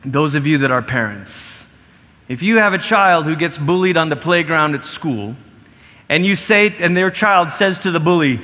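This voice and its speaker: A man delivers a sermon in a high, bright voice that rings with a long reverb from the large hall around him. He preaches in an animated way, acting out the people he quotes with big jumps in pitch. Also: normal speed. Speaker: pastor.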